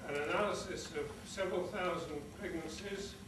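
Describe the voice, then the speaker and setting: A man's voice: sits high, moderate pace. An older man accepting an award and speaking earnestly from a stage, ending with an emphatic warning. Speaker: award recipient. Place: large conference hall. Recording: echoey hall from far off, noisy.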